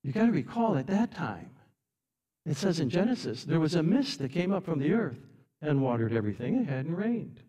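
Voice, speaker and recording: A man preaching a sermon in a church, telling the story in an animated, dramatic way and swinging from soft to loud. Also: fairly high pitch, brisk.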